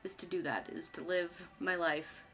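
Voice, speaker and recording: A woman's voice: lowish voice, fairly even intonation, moderate pace, fairly bright tone, soft background music. A young woman YouTuber talking casually to camera, chatty and rambling, candid and loose, swearing now and then.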